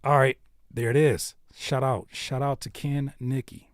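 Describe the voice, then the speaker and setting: A mid-pitched man talks through viewers' songs in a laid-back, slangy livestream critique. He thinks out loud, restarting sentences as he goes. His voice sounds dry and close to the mic. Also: fairly even intonation, unhurried, dry recording. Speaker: host reviewing viewer music on a livestream.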